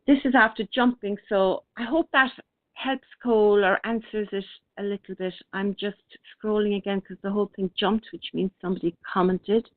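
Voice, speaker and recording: A middle-aged woman hosting an online radio show, speaking gently and hesitantly as she chats and reads out listener comments. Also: mid-range voice, steady tone, no echo. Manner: gentle, unhurried, with many hesitations and restarts. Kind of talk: casual spiritual talk, reading out listener comments. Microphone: online radio broadcast. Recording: thin phone-like line, dry.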